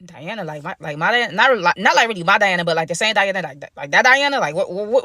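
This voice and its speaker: Fast, animated young woman telling a story. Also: medium pitch, no room sound, clean studio sound. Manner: animated, slangy, dramatic repetition. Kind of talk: storytime monologue.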